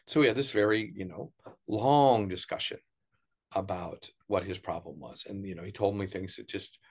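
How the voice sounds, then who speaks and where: Gravelly low-voiced american man. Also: moderate pace. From United States. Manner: animated, puts on voices for quoted people, many fillers. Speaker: interview guest, journalist. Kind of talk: casual storytelling interview.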